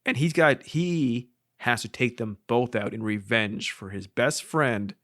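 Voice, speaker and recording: A man's voice: medium pitch, fairly bright tone. Joking male podcast co-host. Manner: jokey, laughs often, quick asides. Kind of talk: casual podcast banter.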